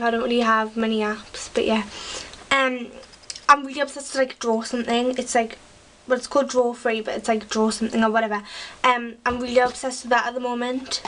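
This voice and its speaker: A woman's voice: sits high, fairly bright tone, distant mic, poor audio. A teenage girl from England, chatting about her school bag in a rambling way, full of fillers. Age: teens. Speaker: vlogger. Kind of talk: casual chat.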